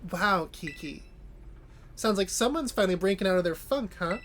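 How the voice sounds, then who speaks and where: A man's voice: high-pitched, expressive, normal speed, a bit bright, a little hiss or hum. A streamer voicing a bubbly young woman trainer with a Valley Girl accent, breezy and teasing.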